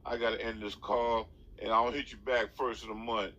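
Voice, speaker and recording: A man's voice: on the low side, flat delivery, normal speed, pushed and bright. A man hosting a comedic phone call, trading mocking, laid-back street talk with the caller. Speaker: host.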